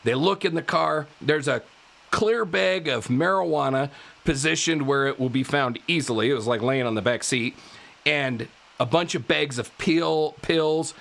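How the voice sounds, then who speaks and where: A male podcast host telling a true-crime story in a casual way, animated, laughing often and tripping over his words. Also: on the high side, moderate pace, vocal fry. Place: live podcast studio.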